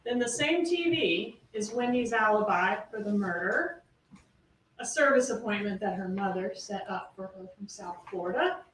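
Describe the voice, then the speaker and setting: A woman's voice: medium pitch, animated, moderate pace, a bit bright. A woman prosecutor delivering a closing argument to a jury, pressing her points with rhetorical questions. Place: courtroom. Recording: roomy courtroom audio from a distance, faint hiss.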